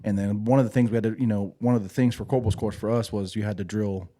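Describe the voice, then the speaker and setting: A man, a podcast host and former Marine, telling stories in a casual, profane, animated way. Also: lowish voice, fast talker, a little hiss or hum. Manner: animated, profane, laughing storyteller. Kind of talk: casual storytelling.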